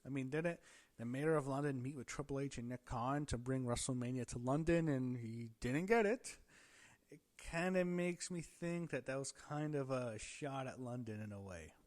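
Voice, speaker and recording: A man talking through a wrestling episode in a loose, offhand way, pausing on fillers and restarting his sentences. His voice sits at an average pitch for a man. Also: a little mellow. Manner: rambling, thinks aloud with fillers and restarts. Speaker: wrestling show reviewer. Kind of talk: casual recap commentary.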